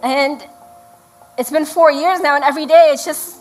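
A middle-aged woman, a pastor's wife, preaching an earnest sermon, slowing down to read scripture and praying softly at the close. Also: sits high, steady tone, music in the background, low-quality recording.

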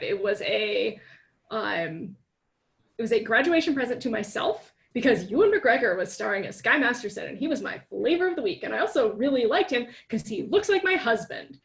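A woman's voice: a little high, gravelly, a bit bright. A woman in her thirties chatting casually, candid and playful, laughing easily. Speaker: writer and reporter. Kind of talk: casual chat.

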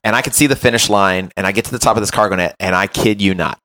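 A man hosting a podcast as a run coach, telling an animated, self-mocking story in casual chat and often checking in with "right?". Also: on the low side, quick pace.

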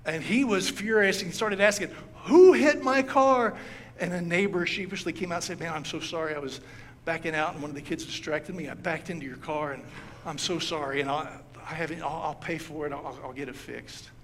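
Storytelling pastor in a reverberant hall. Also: male voice, fairly high pitch, fairly even intonation, fairly quick, fairly bright tone, a little hiss or hum. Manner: storytelling, acts out quoted lines. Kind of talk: sermon. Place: church sanctuary. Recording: long hall reverb, faint ambience.

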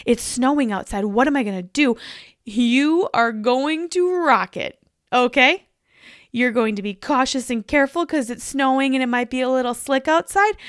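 A woman's voice: sits high, no room sound, studio quality. A woman hosting a podcast, giving an upbeat, encouraging pep talk straight to the listener. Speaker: podcast host.

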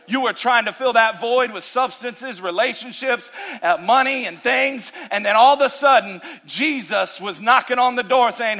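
A man preaching a sermon as pastor, animated, swinging between loud, emphatic lines and hushed, intimate ones. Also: very high-pitched, moderate pace, a little hiss or hum.

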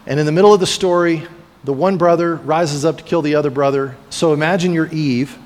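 A man's voice: a little high, a little fast, a little mellow. Storytelling male preacher in a reverberant hall. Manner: storytelling, acts out voices of biblical figures. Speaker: pastor. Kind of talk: sermon. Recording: long reverb of a large hall.

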